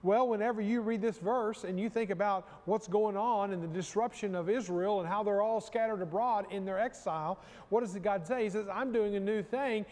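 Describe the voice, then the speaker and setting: A man preaching in a high, ringing voice, carried by a long reverb that trails after each phrase. He presses his points hard, circles back on key phrases and calls the congregation to speak along with him. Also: moderate pace, darkish tone. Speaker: pastor. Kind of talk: sermon.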